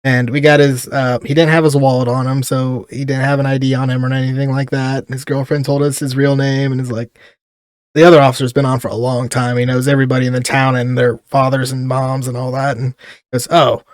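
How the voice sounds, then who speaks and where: A man's voice: mid-range voice, flat delivery, brisk, clear, resonant tone, no echo, studio quality. A man, a police officer, telling stories in casual podcast chat and laughing often between lines.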